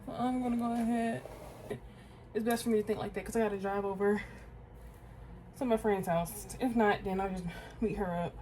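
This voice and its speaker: A woman's voice: mid-range voice, steady tone, normal speed, pauses often, darkish tone, a little hiss or hum, low-quality recording. A woman in her twenties chatting casually to viewers while doing her hair, talking to herself as she goes and calling them y'all and girl. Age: 20s. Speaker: beauty vlogger. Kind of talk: casual get-ready-with-me chat.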